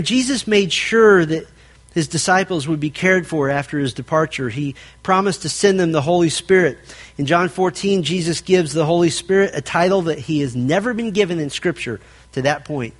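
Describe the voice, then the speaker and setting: Earnest male preacher, fairly high voice. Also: expressive, moderate pace. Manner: earnest preaching with emphatic repetition and direct address. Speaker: pastor. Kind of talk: sermon.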